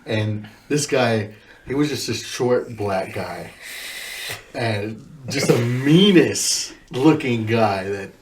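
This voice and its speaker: A man recalling Marine boot camp in casual chat, laughing as he mimics instructors yelling. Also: mid-range voice, expressive, slow pace, slight background noise. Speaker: podcast guest, former Marine recruit.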